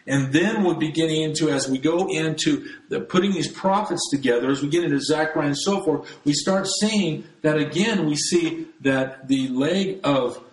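A man whose voice runs on the high side teaches the Bible at a moderate pace with few pauses, speaking to his "folks" in a relaxed sermon style and restarting often. The recording is rough and sounds roomy.

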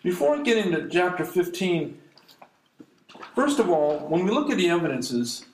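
A man preaching an expository sermon, reading scripture aloud and commenting on it, slowing down to stress key lines. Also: sits high, big pitch swings. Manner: reads verses aloud then comments, slows for emphasis. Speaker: pastor. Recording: echoey room.

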